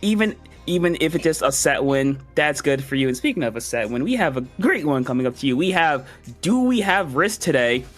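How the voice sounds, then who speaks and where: A man's voice: fairly high pitch, very animated, fairly quick, faint music behind. A man giving laid-back, joking color commentary on an online video game tournament. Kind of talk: esports commentary.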